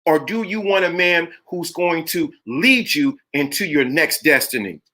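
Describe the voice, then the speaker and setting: Here is a middle-aged man with a high, bright voice giving a motivational talk live to his viewers. He is preachy and emphatic, hammering each point with repeated phrases, and his voice sits well above the usual male range. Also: expressive, measured pace. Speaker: live stream host.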